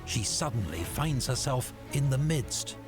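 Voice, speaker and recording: A man giving a measured, dramatic scripted narration for a history documentary. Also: mid-range voice, animated. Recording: documentary clip played back with music. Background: music.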